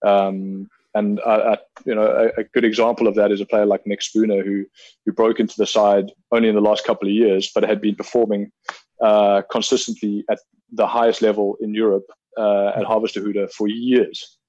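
A man in his thirties from South Africa, a hockey player being interviewed, talking in a measured, reflective way with many ums and restarts. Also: on the low side, flat delivery, darkish tone, no room sound, dull audio. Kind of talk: casual interview conversation.

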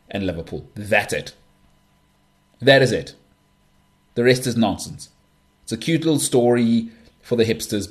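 Emphatic man ranting about sport. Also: medium pitch. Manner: emphatic, repeats himself, animated rants. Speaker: podcast host. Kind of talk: opinionated sports talk.

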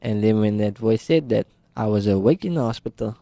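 A man's voice: on the low side, brisk, vocal fry, warm tone, no room sound. South African man telling his story. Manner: earnest storytelling, voices the people he quotes. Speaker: guest sharing his testimony. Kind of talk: personal testimony in an interview.

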